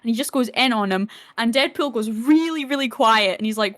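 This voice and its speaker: A woman with a fairly high voice chats casually on a podcast. She retells film scenes with excitement, swears freely and acts out the characters' lines. Her talk is loose and full of "like". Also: brisk. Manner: animated retelling, acting out quotes, swearing. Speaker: podcast co-host.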